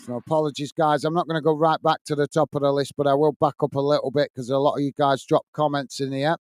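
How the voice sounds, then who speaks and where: A British man runs a live football watch-along, commentating on the match and warmly thanking viewers by name from the chat. He speaks quickly in a high-leaning, level voice, with no room sound.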